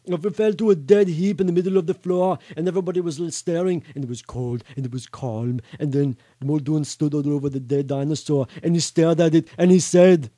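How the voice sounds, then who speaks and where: A man putting on a bragging Austrian-accented action hero, stammering and ad-libbing, mellow and fairly high, dry sound. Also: steady tone, no echo, natural voice. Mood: excited. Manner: halting, full of stammered fillers and ad-libs. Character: boastful male action-star bodybuilder, excitable and rambling. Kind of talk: comic impression reading a novel aloud.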